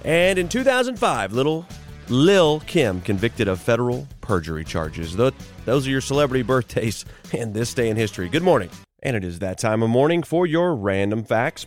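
A man hosting a morning radio show, reading trivia, ads and headlines with chatty asides. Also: mid-range voice. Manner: chatty asides and quick jokes between items.

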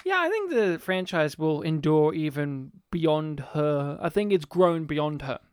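A man co-hosting a casual movie podcast, laughing often, swearing now and then, and breaking into quick impressions. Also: on the high side, very animated, clean tone, dry recording, studio quality. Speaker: podcast co-host.

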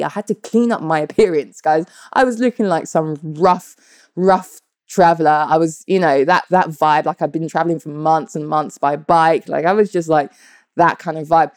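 Woman, 30s, vlogger: low-pitched, dry close sound, profane and animated telling a story to her viewers. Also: no echo. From United Kingdom. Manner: animated, blunt and profane, addresses viewers directly. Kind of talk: candid personal storytelling.

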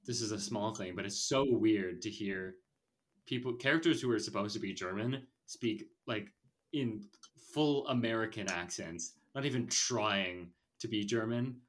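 A man's voice: on the low side, normal speed, a bit bright, slight background noise. A man hosting a casual movie podcast, rambling and opinionated, with lots of fillers. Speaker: podcast host.

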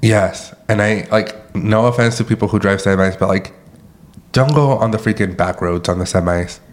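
A man's voice: on the low side, moderate pace. Swearing, ranting man on a podcast. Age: 30s. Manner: rants and swears, jokingly dramatic. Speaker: podcast co-host. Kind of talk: casual chat.

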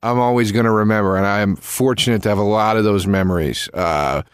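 A man giving a spoken tribute to a late friend, halting and full of fillers, livelier when he tells a story. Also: lowish voice, clear, resonant tone, dry recording, studio quality.

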